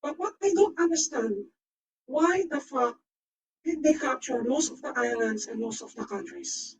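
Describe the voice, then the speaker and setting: A woman streamer with a voice changer filter, chatting excitably and rambling, swearing freely and slurring her words at times. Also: high-pitched, moderate pace, far from the mic, rough recording. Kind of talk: live stream reaction chat.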